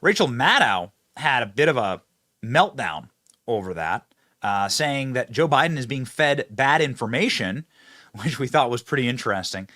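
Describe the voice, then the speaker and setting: Host read: man, sarcastic political commentator, lively swooping delivery, dry close mic. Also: medium pitch, normal speed, no room sound. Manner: mocking, sarcastic, laughs at own jabs. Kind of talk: fast opinionated political commentary. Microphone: close studio mic with earpiece.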